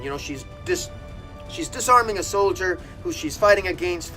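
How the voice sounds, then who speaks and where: A man's voice: high voice, expressive, normal speed, pushed and bright, soft background music. A man reviewing a comic book in a casual video, critical and exasperated, talking with many fillers and restarts.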